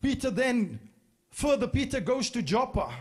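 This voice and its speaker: A man's voice: very high voice, big pitch swings, moderate pace, breathy edge. A man preaching a sermon, retelling stories with emphatic, repeated phrases. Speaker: pastor. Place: church.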